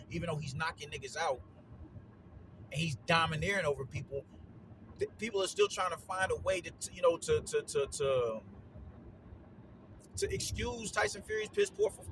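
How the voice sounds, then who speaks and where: A man giving casual solo commentary on boxing, slangy and animated, repeating himself and leaning on fillers. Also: on the high side, noisy background.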